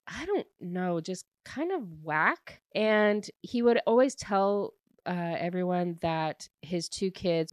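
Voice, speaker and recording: Woman, young adult, casual book recap, chatty, lots of "like" fillers, slightly low voice, dry. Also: no room sound. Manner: chatty, heavy use of "like" fillers, laughs while retelling. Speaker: book reviewer.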